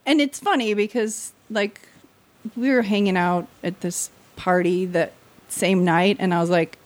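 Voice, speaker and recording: A woman's voice: mid-range voice, fairly even intonation, a little slow. Chatty woman telling a story. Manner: chatty, acts out quoted voices, laughs often. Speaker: guest. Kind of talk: casual podcast storytelling.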